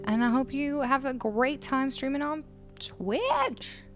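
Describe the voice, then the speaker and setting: A woman's voice: high voice, sing-song, slow pace. A woman from Canada chatting casually on a live music stream, greeting viewers and reading out their chat messages. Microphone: studio microphone.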